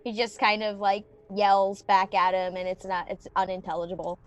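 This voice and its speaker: A woman's voice: medium pitch, flat delivery, normal speed, clean tone. A woman playing a character in a horror tabletop game, describing her moves casually and laughing easily. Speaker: player.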